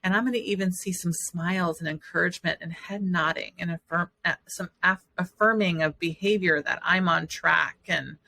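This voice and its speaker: A woman's voice: fairly low pitch, fairly even intonation, normal speed, gravelly, hardly any pauses, pushed and bright, no room sound. A woman hosting a podcast, talking in an earnest, encouraging way in a motivational monologue. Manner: earnest and encouraging, speaking in affirmations. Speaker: podcast host.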